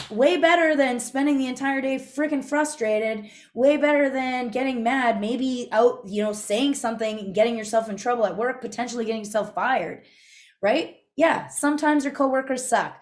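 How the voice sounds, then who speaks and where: A woman's voice: fairly high pitch, moderate pace. A young adult woman teaching a live online class in a chatty, conversational way, often checking in with her listeners. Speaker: instructor. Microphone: video call.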